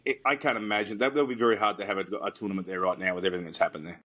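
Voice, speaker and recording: A man's voice: fairly low pitch, fairly even intonation, very fast, bright, forceful tone. A man co-hosting a podcast, telling stories in casual chat with emphatic energy. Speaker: podcast co-host, former tour caddie.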